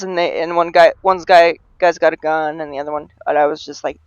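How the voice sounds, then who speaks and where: A woman streaming a game live, talking through it in a rambling, self-mocking way and breaking into panicked yells. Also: low-pitched, steady tone, a little fast, clear, resonant tone, no echo, rough recording. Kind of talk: live gameplay commentary.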